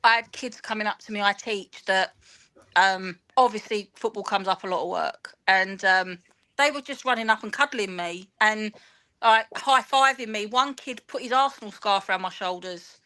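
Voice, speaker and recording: A woman, telling an animated, rambling story in an interview and acting out the dialogue. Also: medium pitch, normal speed. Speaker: guest, football fan and teacher.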